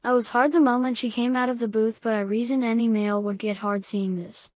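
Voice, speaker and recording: A woman narrating a first-person story in a steady, even reading voice. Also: a little high, brisk, dry recording. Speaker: audiobook reader.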